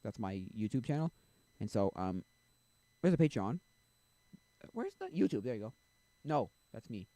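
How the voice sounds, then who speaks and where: A young man's casual live-stream chat rambles from point to point as he loses track of his thoughts. His mid-pitched, dark voice has a sing-song lilt, a moderate pace and long pauses. The recording is dry and close-miked without room echo.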